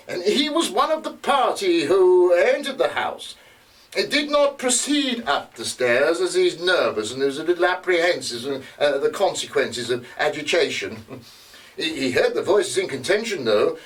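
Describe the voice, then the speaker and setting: An actor playing a male investigator who reports witness testimony in a live stage drama, often pausing with hesitations. He is recorded from a distance. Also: a little high, sing-song, fairly bright tone. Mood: measured. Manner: halting, with frequent hesitations. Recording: distant mic.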